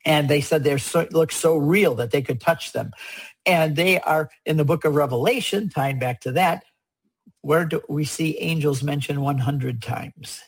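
Husky-voiced man explaining earnestly. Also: on the high side, a little slow, low-quality recording. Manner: earnest, emphatic, repeats key points. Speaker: guest speaker on religious art. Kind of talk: conversational explanation.

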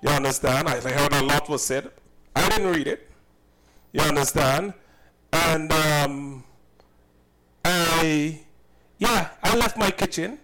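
A man's voice: a little high, slow, pauses often, a loud crowd, poor audio. Emphatic man recounting a clash. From Saint Kitts. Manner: emphatic, indignant, repeats himself. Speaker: cook and business owner. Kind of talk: recounting a personal incident.

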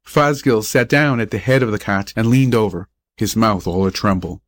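A man reading a first-person story aloud as an audiobook narrator, in a measured manner. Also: fairly low pitch, no room sound. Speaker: audiobook reader.

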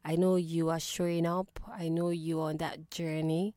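A young woman speaks into a dry, close studio microphone, in a voice that sits a little low for a woman. She hosts a call-in radio show and reassures her listeners earnestly. Her delivery swings between hushed near-whispers and louder, pleading stretches. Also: level tone, unhurried, dry recording. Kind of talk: encouraging radio talk to listeners.

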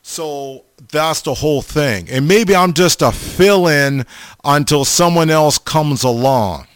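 Slow, halting male preacher. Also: on the high side, lively intonation, clear, resonant tone, dry recording. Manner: slow, halting, repeats the audience name often. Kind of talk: informal sermon.

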